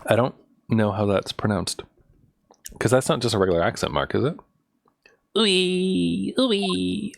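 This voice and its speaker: A man's voice: lowish voice, fairly quick, long pauses. A man streaming a game, chatting in distracted asides between reading lines aloud. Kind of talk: casual live-stream chat while reading a game aloud.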